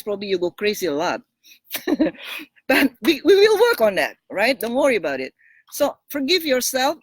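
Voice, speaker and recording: A woman relationship coach giving frank, blunt advice in a casual monologue, animated and laughing between points, often repeating and restarting words. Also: fairly high pitch, no room sound.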